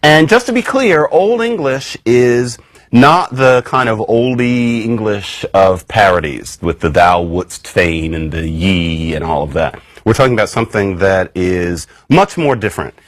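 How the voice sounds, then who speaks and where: A man giving a recorded academic lecture in a wry, conversational way, jumping up high in pitch for emphasis. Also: measured pace, dry recording. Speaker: university lecturer.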